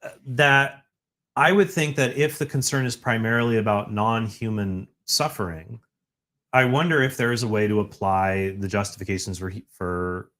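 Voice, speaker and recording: A man's voice: fairly low pitch, normal speed, a bit bright. A man in a panel discussion who speaks hesitantly and often restarts his sentences. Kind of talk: casual debate.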